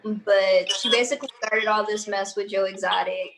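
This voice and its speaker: A woman's voice: medium pitch, fairly even intonation, normal speed, a bit bright, a little hiss or hum, rough recording. Chatty opinionated woman. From Louisiana. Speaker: co-host. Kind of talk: casual show review chat.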